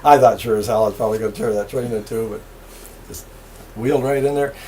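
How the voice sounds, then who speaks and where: With a little hiss or hum in the recording, a fast-talking older man with a fairly low voice shares stories from his career as a railroad engineer. The interview is lively, and he laughs plenty as he tells them.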